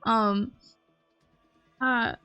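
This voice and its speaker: Woman streamer rambling thru a story, lots of ums, kinda high voice, laughs a lot. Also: fairly even intonation, extremely slow, pushed and bright, clean tone, soft background music. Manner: rambling, full of "um"s and restarts, laughing often. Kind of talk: casual storytelling chat.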